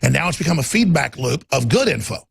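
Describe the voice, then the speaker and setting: This middle-aged talk radio host is mid-rant on politics, fast and sing-song, stumbling on repeated words while voicing quotes loudly. The studio recording of his husky, gravelly, slightly high voice is close and dry.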